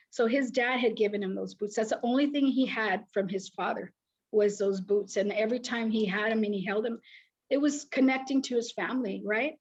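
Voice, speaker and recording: A woman's voice: a little high, a little fast, husky, rough recording. Middle-aged woman telling a story. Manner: animated storyteller, acts out quoted voices. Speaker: foster agency founder and social worker. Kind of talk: storytelling interview.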